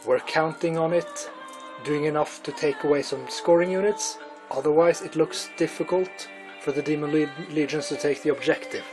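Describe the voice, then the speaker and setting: A man's voice: a little high, fairly even intonation, moderate pace, poor audio. A man hosting a tabletop wargame battle report, recapping each turn and questioning his co-player. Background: music.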